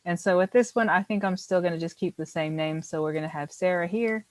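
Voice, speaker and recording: A woman's voice: fairly low pitch, a little fast, no echo, rough recording. A woman teaching a beginner language class, explaining patiently step by step and encouraging her students.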